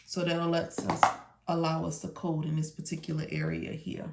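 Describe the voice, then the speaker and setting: Heavy background noise surrounds a woman whose low, gravelly voice stays monotone at a moderate pace. She teaches medical coding in a step-by-step tutorial, repeating key words and answering questions she poses herself.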